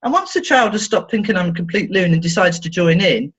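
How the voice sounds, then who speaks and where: A woman's voice: animated, fairly quick, breathy edge. A woman therapist talking in an interview, telling stories playfully and acting out the voices she quotes. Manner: playful, acts out quoted voices with big pitch swings. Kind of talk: animated storytelling in conversation. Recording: dull lo-fi sound.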